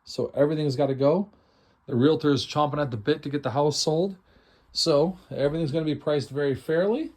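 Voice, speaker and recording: A man's voice: a little high, brisk, darkish tone. A middle-aged man hosting a casual, enthusiastic walkthrough of a house before an estate sale, chatty and self-deprecating. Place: inside a house, walking through rooms.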